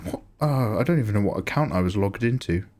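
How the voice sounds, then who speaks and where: A man talks through a drawing livestream in a loose, joking way, drifting from one aside to the next. His pitch rises and falls a great deal, so even small remarks sound animated. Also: fast talker. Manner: chatty, joking, rambling asides. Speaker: art streamer. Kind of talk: casual livestream chat while drawing.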